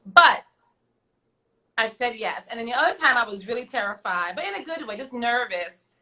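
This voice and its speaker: Animated woman telling stories on a video call. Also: fairly high pitch, normal speed, low-quality recording. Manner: animated, acts out voices in her stories; chatty, with slangy asides. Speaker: guest singer. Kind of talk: casual storytelling.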